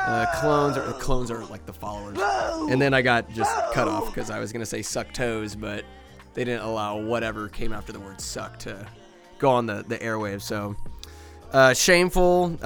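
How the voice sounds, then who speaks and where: A man's voice: medium pitch, vocal fry, fairly bright tone. A man from Northern California hosting a podcast, talking in a rambling, crude comedic monologue and laughing often. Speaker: podcast host.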